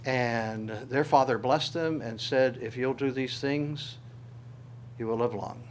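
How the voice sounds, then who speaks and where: A man's voice: medium pitch, slow, a little hiss or hum. A male pastor preaching a sermon, reading scripture aloud with his own commentary and asking the congregation rhetorical questions.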